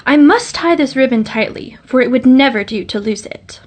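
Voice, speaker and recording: Eager breathless girl of eleven, high and pleading, woman puts it on for a storybook. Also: lively intonation, moderate pace.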